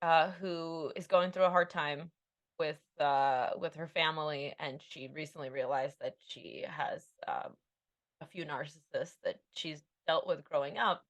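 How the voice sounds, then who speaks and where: A woman's voice: low voice, measured pace, fairly bright tone, muffled recording. Candid, rambling woman in her thirties. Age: 30s. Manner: rambling, self-deprecating, frequent fillers. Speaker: podcast guest, author. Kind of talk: candid conversational interview.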